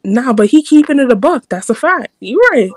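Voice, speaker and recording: A woman's voice: fairly high pitch, lively intonation, a little fast, darkish tone. A woman with a New York accent hosting a live stream, chatting in a blunt, profane and emphatic way. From New York City. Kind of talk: casual chat.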